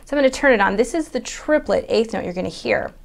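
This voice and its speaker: A woman's voice: fairly high pitch, animated, quick pace, creaky, very noisy. A woman piano teacher explaining rhythm and theory step by step, patient and methodical, counting beats aloud at the piano. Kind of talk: step-by-step music lesson.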